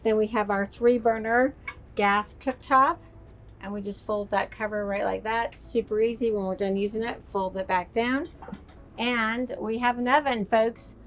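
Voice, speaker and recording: A woman's voice: a little high, fairly even intonation, a little slow, a little hiss or hum. A woman presenting a walk-through tour inside a motorhome, upbeat and chatty like an enthusiastic salesperson. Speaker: RV sales expert giving a tour.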